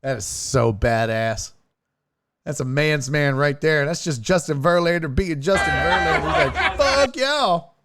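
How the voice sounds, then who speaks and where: A man's voice: fairly high pitch, normal speed, a little hiss or hum. A man hosting a sports stream, reacting to clips in casual, profane commentary, laughing often and mocking fans. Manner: excitable, laughs often, swears a lot, mocking impressions.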